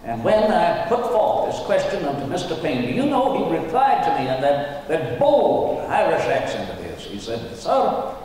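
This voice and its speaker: A man's voice: fairly high pitch, wildly swooping pitch, moderate pace, hardly any pauses, warm tone, slight background noise. A man interpreting a historical statesman on stage, speaking in a genteel, ornate period style, recorded in a large auditorium. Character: Thomas Jefferson, courtly learned statesman. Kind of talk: first-person historical portrayal. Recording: echoey hall from far off.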